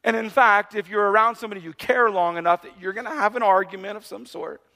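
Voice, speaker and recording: Male pastor, high bright voice, lively joking sermon delivery. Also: fast. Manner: animated, conversational preaching with playful asides.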